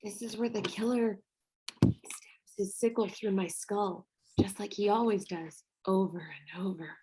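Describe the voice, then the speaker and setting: A woman reading a wistful young ghost girl, speaking softly in a script read-through. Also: mid-range voice, steady tone, measured pace, slightly rough, poor audio. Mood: resigned.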